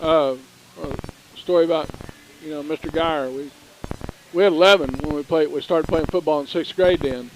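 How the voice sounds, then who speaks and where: A middle-aged man co-hosting a local sports broadcast, telling folksy, animated stories. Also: a little high, moderate pace, slight background noise, poor audio. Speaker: radio sports co-host. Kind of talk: casual storytelling.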